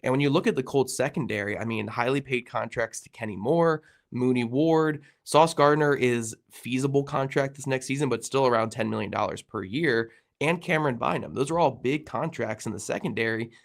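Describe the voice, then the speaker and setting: A man's voice: medium pitch, brisk, hardly any pauses. A man hosting a sports podcast, talking casually with a nasal, congested voice from a cold. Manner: gravelly, conversational with frequent fillers. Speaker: podcast host.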